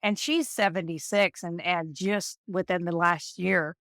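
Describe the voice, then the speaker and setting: A woman in her fifties talks as an interview guest, drawing on her work as a nurse. Her voice sits on the low side and is recorded close and dry. She tells animated stories and slips into the voices of the people she quotes. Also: unhurried, dry recording. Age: 50s. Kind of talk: storytelling interview.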